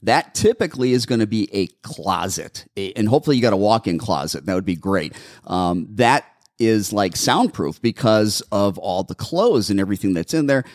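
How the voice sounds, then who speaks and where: A man hosting a pet-advice show as a dog behaviorist, giving animated, step-by-step training instructions in casual chat. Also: on the low side, moderate pace, dry recording, clean studio sound. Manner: animated, instructive, repeats steps. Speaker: dog behaviorist, podcast host.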